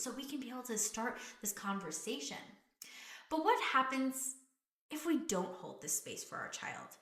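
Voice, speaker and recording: Young woman, parenting coach, earnest and gentle, bright voice, echoey room. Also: medium pitch. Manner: earnest, gentle, talks straight to the viewer. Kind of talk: direct-to-camera parenting advice.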